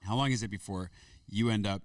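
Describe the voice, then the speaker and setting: Fast-talking podcast host. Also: male voice, on the low side, dry recording, recorded from a distance. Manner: quick, joking interjections. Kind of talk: casual podcast conversation.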